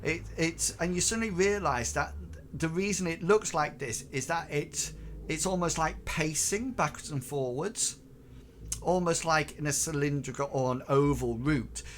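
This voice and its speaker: A man's voice: on the high side, moderate pace, a bit bright. A man narrating as game master, hesitant and full of fillers and restarts. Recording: noisy recording.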